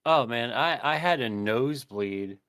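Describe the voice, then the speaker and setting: A man's voice: medium pitch, animated, a little slow, fairly bright tone, clear, resonant tone, dry recording, clean studio sound. A man co-hosting a podcast in casual banter, laughing and swearing through jokey asides. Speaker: podcast co-host.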